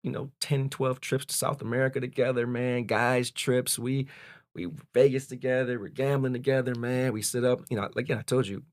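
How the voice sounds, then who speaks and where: A man in his forties, a podcast guest telling a personal story in a candid, animated way. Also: medium pitch, moderate pace, no room sound, clean studio sound. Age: 40s. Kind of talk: casual storytelling.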